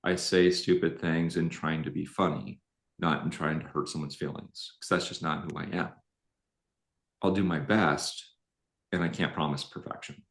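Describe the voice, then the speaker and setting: A deep, low-pitched middle-aged man on a live relationship show, telling stories in an animated, self-deprecating way. His voice carries a roomy echo from the space around him. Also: moderate pace, gravelly. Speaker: relationship coach co-host. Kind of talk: live-streamed conversational talk.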